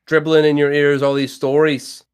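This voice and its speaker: A man voicing his tabletop character, a gruff, grumbling male adventurer, in a put-on accent. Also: a little high, flat delivery, normal speed, pitched above the performer's own voice, natural voice. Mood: irritated.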